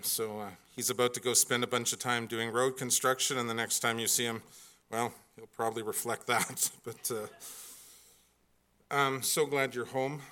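A man's voice: mid-range voice, bright, forceful tone, smooth. A middle-aged man telling a humorous family story, rambling with many fillers and restarts and poking fun at himself. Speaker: speaker.

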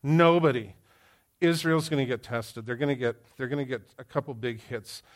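A man preaching to a congregation in an animated, storytelling way. His pitch sits in an ordinary middle range, but he pushes it up and down for effect and keeps throwing questions out to the room. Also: moderate pace. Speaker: pastor. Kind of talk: sermon. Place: church hall with live audience.

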